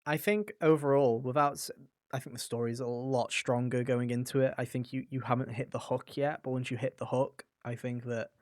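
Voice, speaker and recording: A man's voice: mid-range voice, flat delivery, moderate pace, darkish tone, dry recording, clean studio sound. A young man co-hosting a casual gaming podcast, enthusiastic and rambling, full of fillers and restarts. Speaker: podcast co-host.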